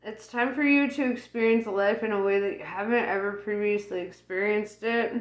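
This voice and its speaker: A woman's voice: medium pitch, moderate pace. A woman giving a casual tarot reading who rambles with lots of fillers and laughs often. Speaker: tarot reader. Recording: roomy echo.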